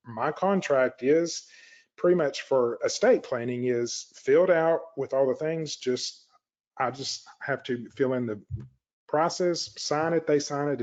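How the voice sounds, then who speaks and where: A man of middle pitch teaching fellow attorneys how to set up an office, chatty and practical, slipping into quick acted-out client reactions. The sound is a bit dull and muffled. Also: a little mellow. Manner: conversational, acts out client reactions in quick asides. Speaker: elder law practice coach. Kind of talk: instructional talk to lawyers.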